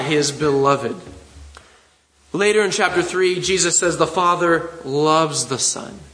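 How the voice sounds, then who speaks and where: A man with a somewhat high voice preaches with earnest conviction. He speaks in a measured way and slows down to press his key points home. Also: fairly bright tone, echoey room, rough recording. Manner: measured, earnest expository preaching with slow emphatic phrases. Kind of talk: sermon.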